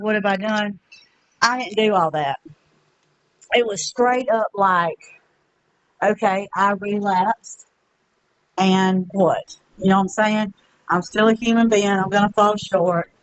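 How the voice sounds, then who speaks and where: A heartbroken woman, speaking alone at home in a raw confessional vlog, halting with many fillers and pauses, close to tears. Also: medium pitch, clear, resonant tone, dull audio. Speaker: vlogger. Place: her apartment.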